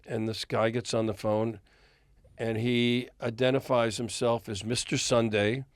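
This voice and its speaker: A man's voice: medium pitch, a little slow, no room sound. An older man, a record executive, telling a long anecdote as a guest in a podcast interview and chuckling often. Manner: animated storyteller, chuckles often.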